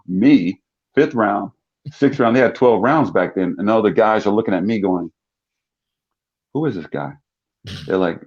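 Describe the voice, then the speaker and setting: Animated older storyteller man, lo-fi sound. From South Jersey. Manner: animated storyteller, acts out quoted voices with big pitch jumps. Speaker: guest, former pro football player. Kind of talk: storytelling in a talk-show interview. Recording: dull lo-fi sound.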